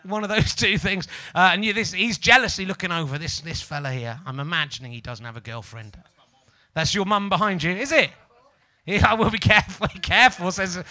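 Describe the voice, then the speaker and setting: A man's voice: high voice, fairly quick, bright, forceful tone. A man with a Yorkshire accent hosting a live comedy podcast, rambling, swearing and teasing the audience. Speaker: stand-up comedian and podcast host.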